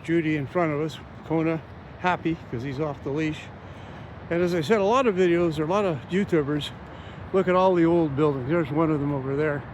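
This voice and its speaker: Sex: man. Pitch: high. Style: casual walking vlog, rambling. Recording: noisy outdoors. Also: a little mellow. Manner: rambling, frequent fillers and restarts. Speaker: travel vlogger. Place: outdoors, walking through a small coastal town. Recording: outdoor noise with rushing water.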